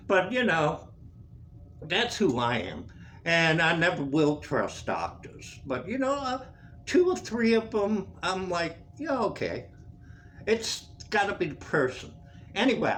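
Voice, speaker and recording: Man vlogger, high and lively voice, unhurried, swearing and laughing through a casual rant. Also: slight background noise. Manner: profane, laughing, animated.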